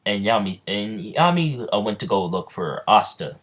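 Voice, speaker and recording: A young man tells an improvised fan story in a loose, rambling way, stopping often to restart his sentences. His voice sits very low. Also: big pitch swings, moderate pace, a bit bright. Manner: rambling, full of ums and restarts.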